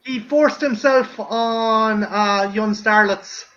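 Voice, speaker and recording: Man, stream host, very high bright voice, loud, laughs often, swears a lot. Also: slow, muffled recording. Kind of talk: casual chat on a watch stream.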